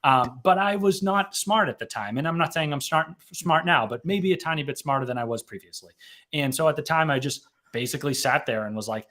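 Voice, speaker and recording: A man's voice: a little high, lively intonation, fairly quick, bright, forceful tone. A man in his thirties, an author and mental health advocate, telling his story in a casual interview, rambling and correcting himself with frequent "right?" tags.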